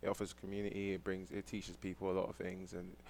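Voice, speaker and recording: Young london guy, kinda low voice, easygoing, laughs a lot in a casual interview. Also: completely flat delivery, fast, gravelly, darkish tone, a little hiss or hum. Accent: London English. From London, England. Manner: laid-back, laughs often, many restarts. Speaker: football player guest.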